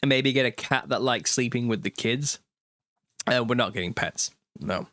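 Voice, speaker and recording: British man, thirties, livestream host, chatty, laughs a lot, middle pitch, dry sound. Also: normal speed, a bit bright, no room sound. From United Kingdom. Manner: chatty, laughs often mid-sentence. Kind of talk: casual livestream chat reading viewer comments.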